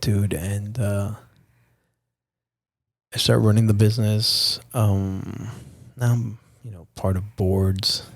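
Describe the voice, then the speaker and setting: A man's voice: lowish voice, little pitch movement, slow pace, vocal fry, no room sound, studio quality. A young man from Nicaragua, a podcast guest telling a personal story in a candid, profane, casual way. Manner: candid and profane, addresses host as dude and bro.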